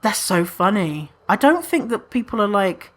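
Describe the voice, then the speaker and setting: A woman hosting a solo podcast in a casual, animated way. She swears freely, laughs often and acts out other people's imagined thoughts. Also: medium pitch, moderate pace. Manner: laughs often at her own remarks. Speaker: podcast host.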